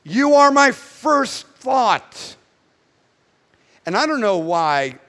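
A man's voice: on the high side, a bit bright, clean tone. A male pastor with a Northern US accent, preaching a sermon in a blunt, conversational way with casual asides. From northern United States. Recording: echoey hall reverb.

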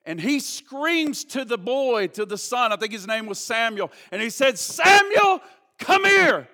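A man preaching a sermon at a church service. He moves from hushed prayer to loud, emphatic preaching and repeats words as he builds emphasis. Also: high voice, moderate pace. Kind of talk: sermon with a prayer and a storytelling illustration.

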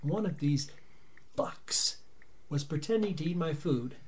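A man's voice: on the high side, animated, a little slow, darkish tone. A man playing a tabletop game, talking in a theatrical, rambling way. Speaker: player. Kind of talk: casual tabletop game banter.

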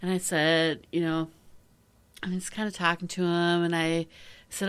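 A woman's voice: lowish voice, flat delivery, measured pace, long pauses, clear, resonant tone. A woman chatting casually and telling a story with lots of energy. She laughs often and acts out the voices in it. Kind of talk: casual chat.

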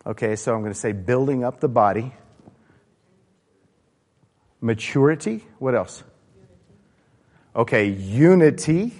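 Preacher in a reverberant hall. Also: male voice, medium pitch, animated, measured pace, long pauses, darkish tone. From American South. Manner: informal, asks the congregation questions, frequent fillers and restarts. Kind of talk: conversational sermon. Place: church sanctuary. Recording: long reverb of a church hall.

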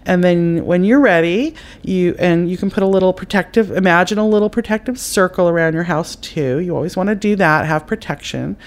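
A woman hosting a podcast, giving spiritual advice in an unhurried, meandering way and speaking straight to the listener. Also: fairly low pitch. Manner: intuitive, meandering, addresses the listener directly; unhurried, with frequent fillers and self-corrections. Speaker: psychic advice podcast host.

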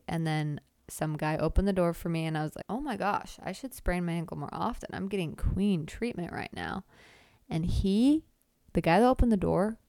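A woman's voice: lowish voice, gravelly, a little mellow, dry recording. A young woman hosting her own podcast, telling a rambling, chatty story full of fillers and self-deprecating jokes. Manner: lots of filler "like". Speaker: podcast host. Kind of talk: casual storytelling monologue.

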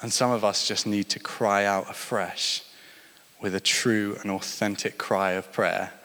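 A man's voice: fairly low pitch, steady tone, unhurried, fairly bright tone. A man preaching a sermon, telling stories and building to emphatic points. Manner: storytelling, rising and falling with emphasis. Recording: long hall reverb.

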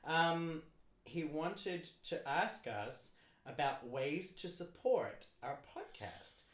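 A man co-hosting a podcast in casual chat, excitable and quick, laughing often. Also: fairly high pitch, roomy sound. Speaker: podcast co-host.

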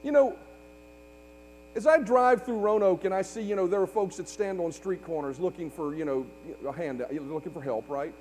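In a church sanctuary, a pastor with a high, darkish voice preaches at a moderate pace, building fervor and calling for responses from his congregation. Hall reverb and a faint mains hum color the recording.

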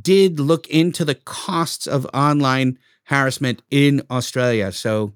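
A man's voice: mid-range voice, unhurried, smooth, no room sound. A man with a Brooklyn accent hosting a podcast from a studio, chatty and joking. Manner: lively, joking, conversational. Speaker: podcast host. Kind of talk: podcast interview chat.

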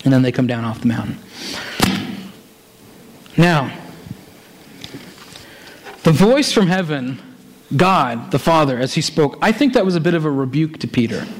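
A man delivering a sermon in a fairly high voice. He reads scripture aloud and runs quick asides into slow, weighty phrases. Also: a little hiss or hum. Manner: animated, switches between fast asides and slow, stressed phrases. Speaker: preacher.

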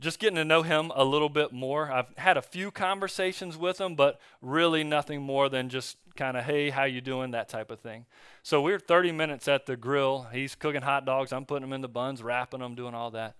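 Male pastor, sermon, bright tense voice, dry close sound, easygoing storytelling. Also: mid-range voice, a little fast, clear, resonant tone, no echo. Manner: relaxed storytelling with fillers and restarts. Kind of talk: conversational sermon. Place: church.

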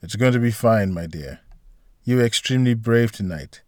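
A man's voice: on the low side, lively intonation, moderate pace, a little mellow, dry recording, studio quality, lightly acted. A man voicing a confident, experienced male doctor who talks in a matter-of-fact, soothing way.

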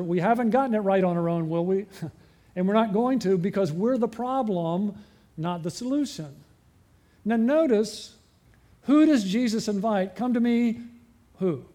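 A man preaching a sermon as pastor, asking the congregation frequent rhetorical questions and slowing and dropping his voice for emphasis. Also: high-pitched. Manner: varies pace and loudness, slowing and dropping for emphasis.

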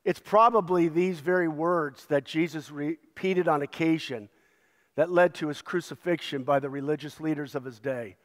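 A man's voice: fairly high pitch, moderate pace, long reverb tail. A male pastor preaching a sermon with an emphatic, repetitive cadence.

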